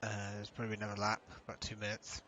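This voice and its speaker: A man's voice: fairly low pitch, racing, slight background noise. Laid-back man commentating a sim race. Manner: relaxed, chatty, laughs often. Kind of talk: casual live race commentary.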